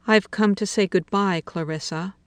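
A woman voicing a stingy, scheming man in a story reading, speaking low and often in a hushed murmur. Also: moderate pace, smooth, no room sound, close to an everyday voice.

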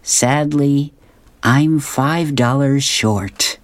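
A woman's voice: a bass voice, extremely slow, a little hiss or hum, full character voice. A woman reading as a dry joking dad. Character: dry-witted dad teasing his son.

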